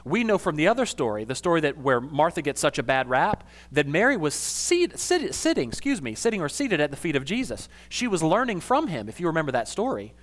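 A man preaching a conversational sermon as a pastor, casual and animated, with slangy asides. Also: a little high, fairly quick, few pauses.

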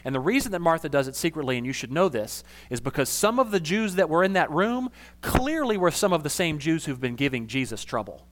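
A man preaching a conversational sermon as a pastor, casual and animated, with slangy asides. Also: a little high, fairly quick, few pauses, noisy background.

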